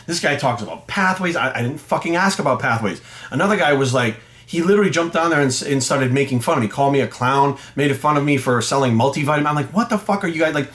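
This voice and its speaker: A middle-aged man, a fitness coach, telling a story to camera in a blunt, profane, animated rant. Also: mid-range voice, fast talker, hardly any pauses. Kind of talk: ranting monologue to camera.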